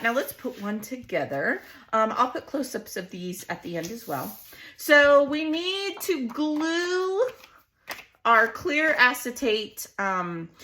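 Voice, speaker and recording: Hoarse, chatty woman crafter. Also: mid-range voice, sharp tone. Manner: chatty, laughs often, talks to viewers as "you guys". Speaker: crafting channel host. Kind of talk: casual craft tutorial.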